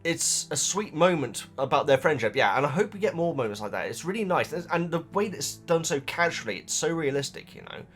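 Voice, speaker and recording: Rambling man, lively voice. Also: on the high side, a little fast, hardly any pauses, faint music behind. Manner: rambling, self-interrupting, laughs often. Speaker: host reading viewer comments. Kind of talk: casual chat to camera.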